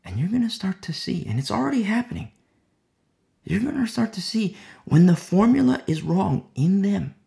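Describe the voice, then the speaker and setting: Gravelly man preaching a sermon casually. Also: high-pitched, sing-song, normal speed. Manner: conversational preaching, drops to a hushed voice in prayer; many fillers, acts out quoted people. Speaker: pastor.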